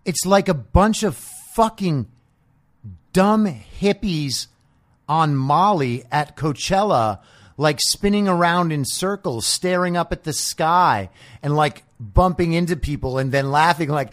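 Male podcast host, sarcastic profane rant, lively swinging pitch, somewhat high voice. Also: slow pace. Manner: combative, sarcastic, profane ranting. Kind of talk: political commentary monologue.

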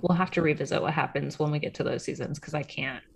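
A young woman co-hosts a chatty podcast, sarcastic and quick to laugh, swearing offhandedly. Her voice sits a bit low and carries a steady gravelly fry. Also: slight background noise. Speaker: podcast co-host. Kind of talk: casual chat.

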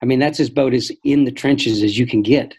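An older man, a guest in an interview, telling stories in a thoughtful, measured way and often restarting his sentences. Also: medium pitch, darkish tone, breathy edge, poor audio. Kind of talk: reflective storytelling conversation.

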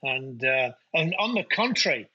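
A man's voice: medium pitch, big pitch swings, normal speed, slightly rough. A middle-aged man from England with a Nottingham accent, chatting as an interview guest about his business, his speech full of uh fillers. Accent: English, Nottingham. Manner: chatty, anecdotal, frequent uh fillers. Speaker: guest, winery owner. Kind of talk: casual interview chat. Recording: dull lo-fi audio.

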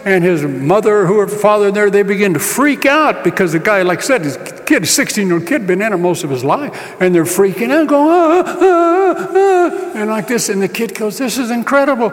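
A man preaching a sermon, telling a story with acted-out dialogue and rising to shouts. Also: high-pitched, lively intonation, brisk, few pauses, in a large hall. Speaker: pastor.

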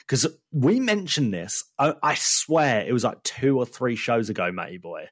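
A man's voice: mid-range voice, expressive, normal speed, slightly rough, no echo, clean studio sound. A man co-hosting a podcast, talking in a casual, impassioned way and sharing strong opinions. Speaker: podcast co-host. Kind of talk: casual chat.

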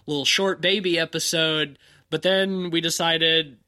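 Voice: mid-range voice, steady tone, a little slow, bright, forceful tone. A podcast co-host in casual comedy chat, explaining things in a chatty, rambling way.

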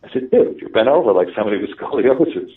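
A man telling stories in a casual conversation, animated and laughing, with many fillers and restarts. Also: fairly low pitch, fast talker. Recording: distant, tinny phone-like audio.

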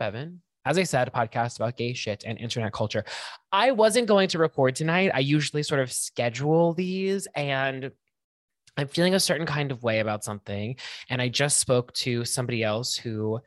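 A man hosting his own podcast alone, thinking out loud in a loose, self-conscious ramble. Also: medium pitch, no echo, clean studio sound. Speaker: podcast host. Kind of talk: casual solo monologue.

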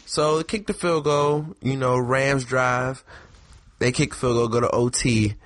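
A man co-hosting a casual sports chat, animated and excitable, his voice climbing high when worked up. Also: normal speed, no echo. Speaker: podcast co-host.

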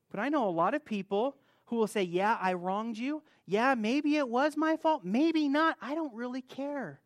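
Lively male preacher, dry close sound. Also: no echo. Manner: animated, rises loud and high when acting out stories. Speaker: pastor. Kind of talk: sermon.

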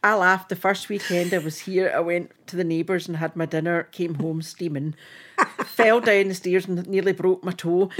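A Scottish woman in her forties, a guest in a casual chat, telling warm stories and laughing at them. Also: on the low side, normal speed. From Scotland.

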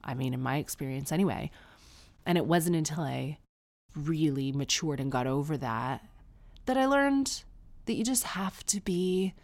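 An advice podcast host with a low, animated, darkish voice speaks at normal speed. She gives a listener candid, casual answers through personal stories, restarting often and tossing in emphatic asides.

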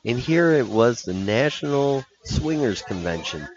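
On a podcast with dull lo-fi audio, a hockey coach spins a rambling road-trip story in a mid-range voice at a measured pace. He's animated and laughing, restarting often.

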